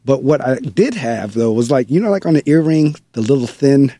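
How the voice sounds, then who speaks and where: A man hosting a conversational interview, speaking as a school principal. His voice is mellow and dry, recorded close with little room sound. He tells stories with animated emphasis and repeats phrases to drive a point home. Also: medium pitch, moderate pace, no room sound.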